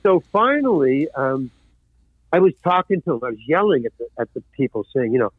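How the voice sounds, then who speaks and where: Animated older man on a tinny line. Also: fairly high pitch, a little fast, breathy edge, dry recording. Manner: animated anecdotes, acts out quoted voices. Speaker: guest, actor and former stand-up comedian. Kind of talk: storytelling interview. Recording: dry, tinny phone-like line.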